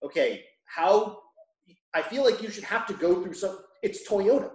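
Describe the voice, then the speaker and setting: A man's voice: high-pitched, expressive, moderate pace, echoey room. A man co-hosting a casual podcast who reacts to his friend's stories with wry, sarcastic comments. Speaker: podcast co-host. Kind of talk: casual chat.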